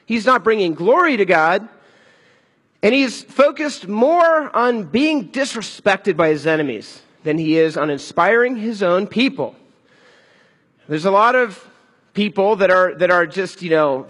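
A man preaching a sermon in an animated, conversational way. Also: sits high, normal speed, long reverb tail. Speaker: pastor.

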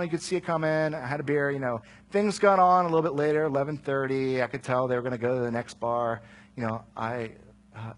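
Man, sermon, storytelling, self-deprecating, passionate emphasis, husky voice. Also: medium pitch. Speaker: preacher.

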